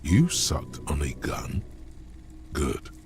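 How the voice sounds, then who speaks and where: An actor voicing a wry inner narrator in a detective video game, with a deep, gravelly voice and dry, knowing remarks. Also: male voice, wildly swooping pitch, drawn-out words, soft background music, heavily acted.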